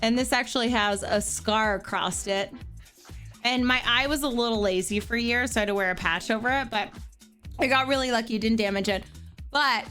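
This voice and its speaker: Thirtysomething woman from pennsylvania telling a story, kinda high voice, says like a lot, bit of music underneath. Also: normal speed. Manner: animated, filler-heavy with frequent "like". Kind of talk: casual storytelling.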